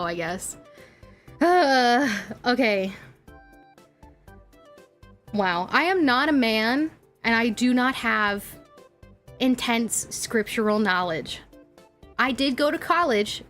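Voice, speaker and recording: A young woman talks casually to her live-stream chat, her voice sitting a little high. She rants with animated energy, laughing often and scattering likes and ums through her sentences. Faint music plays underneath.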